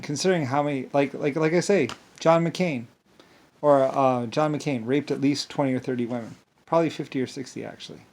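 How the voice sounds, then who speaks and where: A man talking in a rambling monologue, halting and restarting often, full of filler words, dropping to mumbles and then jumping into loud bursts. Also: a little high. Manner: swings between mumbling and sudden loud bursts. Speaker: self-styled storyteller.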